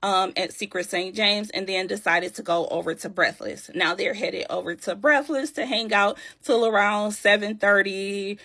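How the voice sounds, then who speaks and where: A woman's voice: medium pitch, normal speed, few pauses, pushed and bright. A woman telling a drama story in a chatty, loose way, with many fillers. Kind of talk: casual storytime narration.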